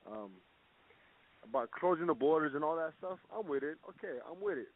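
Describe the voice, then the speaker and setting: Mexican guy ranting, swears a lot, kinda high voice, sounds like a phone line. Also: animated, brisk. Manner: blunt, profane, rambling. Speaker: boxer, guest segment. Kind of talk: casual recorded opinion segment.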